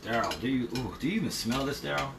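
A man's voice: medium pitch, lively intonation, quick pace, gravelly, roomy sound, distant mic, heavy background noise. A middle-aged man, hosting a casual cooking livestream with playful exclamations, in a home kitchen. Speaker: home cook and host. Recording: kitchen with clattering dishes.

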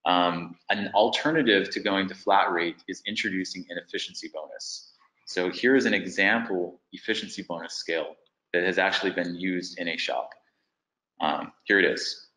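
A man's voice: sits low, normal speed, pushed and bright, roomy sound, poor audio. A man presenting a business webinar, thinking aloud as he walks through figures on screen.

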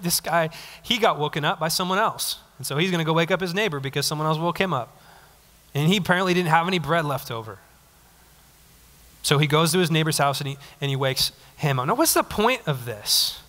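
A young man preaching a casual, conversational sermon, animated, acting out little quotes. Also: a little high, long reverb tail. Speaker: pastor. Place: church sanctuary.

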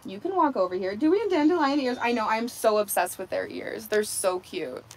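Out with her goats, a woman runs a casual livestream through a phone on a selfie stick, talking a little fast in a fairly high, expressive voice. She laughs often and coos to the animals in baby talk.

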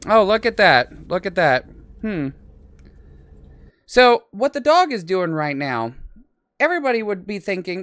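A man's voice: high-pitched, big pitch swings, a little slow, long pauses, fairly bright tone, no echo. A man hosting a reaction video, commenting on clips in an irritated, ranting way.

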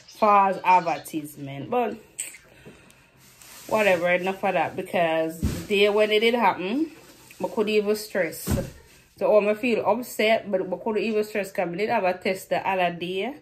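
A woman's voice: medium pitch, normal speed, a little hiss or hum. A woman with a Jamaican accent chatting casually to her vlog camera in a loose, rambling patois-laced way. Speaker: vlogger.

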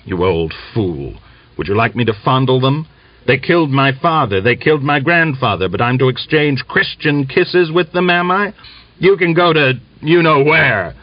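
A man playing a furious young Cossack executioner who threatens with contempt and shouts thickly. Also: mid-range voice, expressive, normal speed, dry recording, pitched above the performer's own voice, close to an everyday voice. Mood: furious threatening. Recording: dull lo-fi dry recording.

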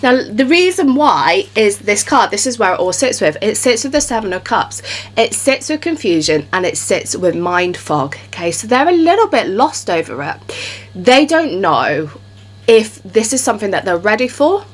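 A woman's voice: mid-range voice, sing-song, normal speed. A woman giving a casual tarot reading to camera, chatty and reassuring, often checking in with "okay?". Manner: chatty, reassuring, repeats "okay?" and "you know". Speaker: tarot reader.

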